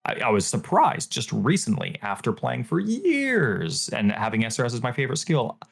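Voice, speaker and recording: A man co-hosting a gaming podcast in casual chat, excitable and quick to jump into high exclamations. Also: vocal fry, husky. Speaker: podcast co-host.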